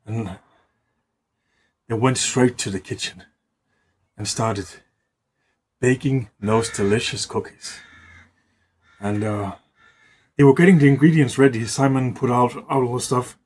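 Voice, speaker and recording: A man's voice: medium pitch, steady tone, takes it slowly, long pauses, a little mellow, a little hiss or hum. A man improvising a rambling, profanity-laced story in a casual way, often restarting words.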